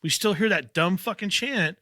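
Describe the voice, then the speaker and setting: A man's voice: sits high, moderate pace, bright, forceful tone, dry recording. A man hosting a wrestling podcast, teasing his co-host in casual banter and laughing often. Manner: boisterous, laughs a lot, teasing.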